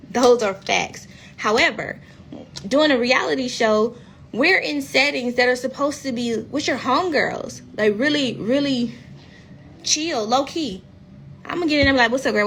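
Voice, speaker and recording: Southern woman in her 30s, Mississippi accent, candid livestream talk, slightly high voice, phone mic at home. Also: a bit bright, a little hiss or hum. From rural Mississippi, US. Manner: frank, chatty, swears freely. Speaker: reality TV cast member. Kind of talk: casual livestream chat.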